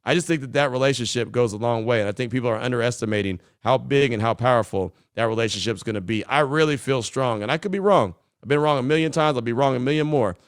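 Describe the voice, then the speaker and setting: A man hosting a sports call-in podcast, talking fast and chatty as he answers callers and reads texts. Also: medium pitch, dry recording, studio quality. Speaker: podcast host.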